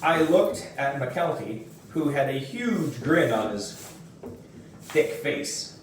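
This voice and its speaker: Man reading a kids book aloud, slow and steady, super echoey room, mic far off. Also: on the high side, a little hiss or hum. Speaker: reader. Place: room at home.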